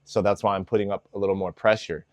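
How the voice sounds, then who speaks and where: A man with a fairly low voice talks through dog-training tips in an easygoing, filler-heavy way. The sound is dry and close, with no room echo. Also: level tone, fast, darkish tone. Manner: casual, filler-heavy, with lots of "like" and "you know". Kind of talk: casual instructional talk.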